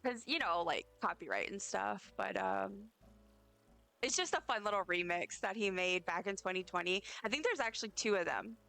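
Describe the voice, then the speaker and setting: A woman streamer with a hoarse, partly lost voice, chatting casually and rambling to her chat while she plays. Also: medium pitch, expressive, normal speed, pushed and bright.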